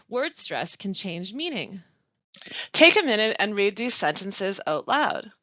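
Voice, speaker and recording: A woman narrates a language lesson in a careful, emphatic way, her pitch rising and falling widely. The sound is dry and a little dull, as if from a modest lo-fi recording. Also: a bit bright, dry recording. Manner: careful, emphatic reading with marked stress and pauses. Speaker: language instructor.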